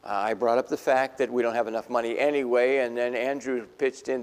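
A man preaching a sermon, telling a Bible story in lively fashion and acting out the people in it. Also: medium pitch, brisk, clean tone, big-room sound. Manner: animated storytelling, voicing biblical figures. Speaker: pastor.

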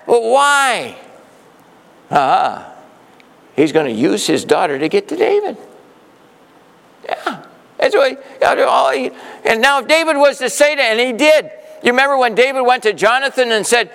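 Gravelly preacher in an echoing hall. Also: male voice, high voice, normal speed, pauses often. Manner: animated storytelling, acting out quoted voices. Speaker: pastor. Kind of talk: sermon.

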